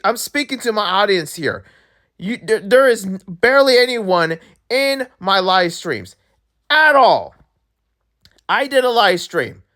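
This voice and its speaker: A young man who makes gaming videos, talking straight to his viewers in a casual, excitable rant. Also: sits high. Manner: animated, excitable, talks to viewers directly. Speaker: gaming YouTuber.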